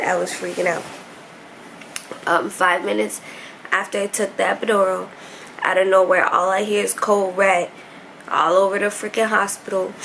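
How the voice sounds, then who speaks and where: A young woman telling her hospital story to camera in a casual vlog, emotional and rushed, with many fillers. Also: medium pitch, creaky, fairly bright tone, a little hiss or hum, rough recording. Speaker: vlogger. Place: hospital room.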